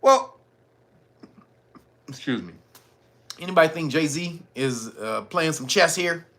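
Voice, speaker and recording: A man riffing through casual commentary in a crude, joking way, often breaking into laughter. His pitch swings widely as he talks, and his voice has a bright, sharp edge. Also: animated, slow. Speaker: commentary show host.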